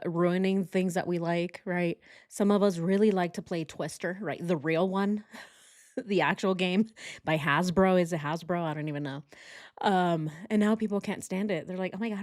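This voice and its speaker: Chatty woman with a lower voice. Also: a little mellow. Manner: chatty and joking, laughs often. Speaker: true crime commentator. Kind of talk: casual video commentary.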